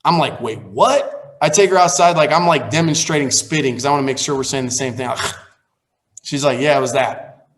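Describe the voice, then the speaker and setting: A man's voice: on the high side, fairly quick. A man in his forties, a pastor, telling a personal story on a call in a candid, conversational way that turns heated. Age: 40s. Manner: candid, grows heated and animated while recounting. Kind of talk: casual storytelling on a training call.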